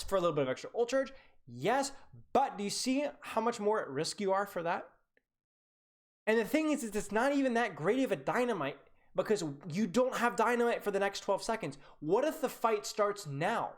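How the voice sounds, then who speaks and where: Blunt, animated young male game coach. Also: high-pitched. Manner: blunt, teasing critique with lots of "like" fillers. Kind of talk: live-streamed gameplay coaching review.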